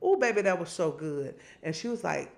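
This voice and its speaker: A middle-aged woman, hosting and telling stories in casual, animated chat. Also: a little fast, gravelly. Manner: animated storytelling, swings high and low. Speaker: host.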